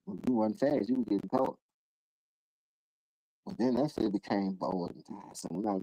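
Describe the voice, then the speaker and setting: A man hosting a live call-in stream, ranting in casual, profane street talk and jumping into high-pitched voices when he quotes people. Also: normal speed, gravelly, long pauses, no echo, rough recording. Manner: animated, profane, acts out quoted voices in sudden high bursts. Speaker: livestream host.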